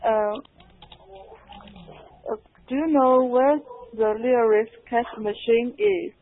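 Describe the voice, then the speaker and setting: A woman from China works through an English lesson, hesitant and restarting often. Her voice sits a little high and she talks slowly, over tinny call audio that sounds like a phone line. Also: expressive, a little hiss or hum. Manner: hesitant, many fillers and restarts. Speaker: English student. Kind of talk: online language lesson. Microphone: video call.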